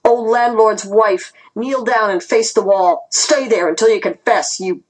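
A cruel, bullying interrogator who taunts his captives and snarls his threats, as a woman reads him in a storybook. The voice has a husky, breathy grain, and it stays in an even middle register. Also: medium pitch, a little slow, lightly acted, low-quality recording. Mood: snarling.

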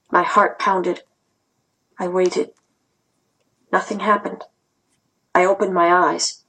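A woman narrating a first-person story aloud in a tense, earnest reading voice with a husky grain. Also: on the low side, level tone, takes it slowly, long pauses, bright, forceful tone, rough recording. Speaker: audiobook narrator.

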